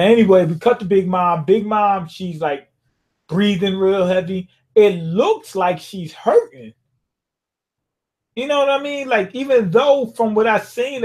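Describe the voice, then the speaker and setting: A man's voice: high-pitched, a little mellow. A man giving a rambling, slangy recap of a manga chapter, slipping into quoted dialogue as he goes. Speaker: manga reviewer.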